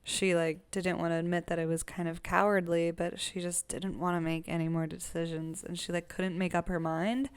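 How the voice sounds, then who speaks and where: A woman's voice: lowish voice, little pitch movement, moderate pace, few pauses, clean tone. A woman co-hosting a casual book club podcast, chatty and recapping chapters, acting out characters' lines along the way. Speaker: podcast co-host.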